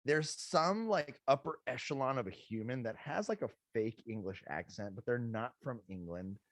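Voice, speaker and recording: A man's voice: mid-range voice, moderate pace, dry recording. A man, a dog trainer and guest podcaster, telling stories in casual chat with casual swearing. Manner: animated storytelling, swears casually.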